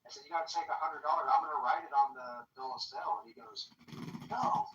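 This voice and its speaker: A middle-aged man in a casual chat, talking in a lively, rambling way. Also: on the high side, fast. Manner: lively, rambling, quoting himself. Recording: echoey room, distant mic, dull sound, faint noise.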